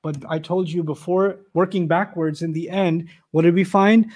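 A man teaching a lesson on scripture, animated, asking the audience rhetorical questions and reciting Arabic verses quickly. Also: high-pitched. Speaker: Quran teacher. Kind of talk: lecture on scripture.

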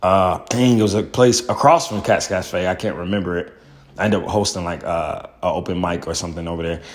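A man, a stand-up comedian, telling his own story in a loose, profane way full of fillers and "boom". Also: steady tone, brisk. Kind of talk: casual storytelling.

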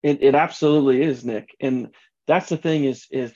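A man's voice: mid-range voice, moderate pace, warm tone, dull audio. A man answering podcast interview questions as a franchise executive, earnest and often restarting his sentences.

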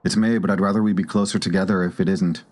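Low-voiced male tabletop player. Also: fast talker. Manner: calm, in-character speech mixed with narration. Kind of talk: tabletop role-play.

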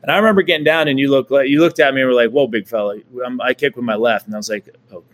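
A man's voice: mid-range voice, steady tone, racing, a bit bright. A man in his forties, a guest and former pro quarterback, telling stories casually and often laughing. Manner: laughs often, acts out quoted people. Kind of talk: casual storytelling.

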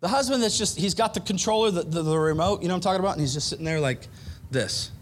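A man preaching a sermon on marriage, animated, acting out quoted arguments between spouses. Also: sits high, fast talker, a little hiss or hum. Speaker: pastor.

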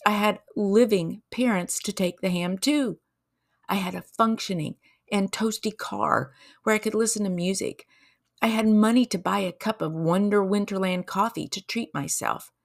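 A woman hosting a devotional podcast, talking earnestly and emotionally, telling a story slowly and putting questions to her listeners. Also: medium pitch, gravelly. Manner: preacherly, asks listeners questions. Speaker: podcast host.

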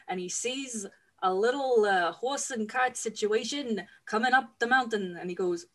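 Female co-host, slightly high voice, deadpan sweary storyteller, laughs easily. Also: moderate pace. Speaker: podcast co-host. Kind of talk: casual comedic chat.

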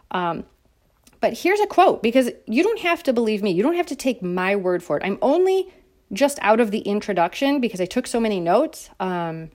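A woman's voice: mid-range voice, a little mellow. A woman talking straight to her audience in a heated political rant. She swings between sarcasm and outrage, mocking the people she criticizes. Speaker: political commentator. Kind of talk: opinionated monologue to viewers.

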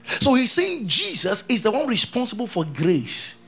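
A man preaching a sermon, reading scripture aloud and keeping on questioning his congregation in an animated way. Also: extremely high pitch, moderate pace, vocal fry, breathy edge. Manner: reads scripture aloud between explanations.

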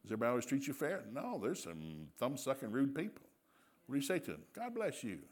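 A male preacher giving a sermon with animated storytelling, laughing often and acting out dialogue. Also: mid-range voice, fast.

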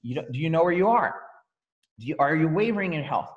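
Energetic man coaching his team. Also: fairly high pitch, quick pace, long reverb tail, highs cut off. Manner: energetic, emphatic, repeats key phrases. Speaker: business coach leading a team training. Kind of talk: motivational training talk on a call.

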